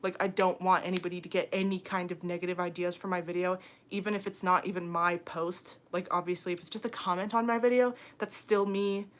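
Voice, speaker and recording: A woman's voice: on the low side, a bit bright. A young woman talks casually into her phone on a late-night livestream. She sounds a little tired, rambles easily and breaks into small laughs between her thoughts. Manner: chatty, giggly, heavy on fillers like "um" and "like". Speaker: YouTuber hosting a livestream. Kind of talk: casual livestream chat reading comments.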